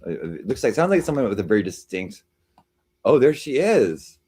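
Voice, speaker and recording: With a mellow, husky, mid-range voice full of big pitch swings, this streamer talks at a moderate pace. He reads viewer comments and chats casually, rambling, teasing, and hopping between jokes and replies.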